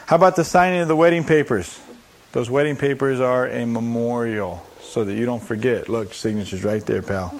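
A man preaching from the pulpit, posing questions to his listeners and then answering them himself. He slips into quoted voices and drops humorous asides as he explains. His voice sits at an ordinary male pitch. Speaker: pastor. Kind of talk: sermon.

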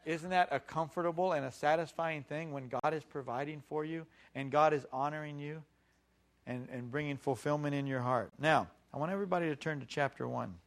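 A man's voice: a little high, creaky. A middle-aged male pastor preaching a sermon with emphatic, call-and-response delivery.

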